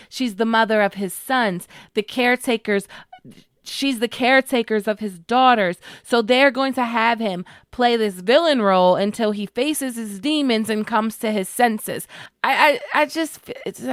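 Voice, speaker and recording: Smooth-voiced woman recapping a TV episode. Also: mid-range voice, dry recording, studio quality. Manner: expressive, slangy, emotionally invested. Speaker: TV show reviewer.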